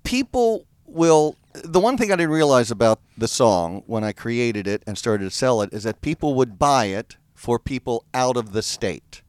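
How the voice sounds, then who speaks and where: A man's voice: medium pitch, sing-song, moderate pace, few pauses, smooth, no echo. A man with a Baltimore accent, a guest on a radio show, telling jokes and stories. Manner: jokey storyteller, plays with vowels. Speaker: studio guest, comic singer. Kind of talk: radio studio chat.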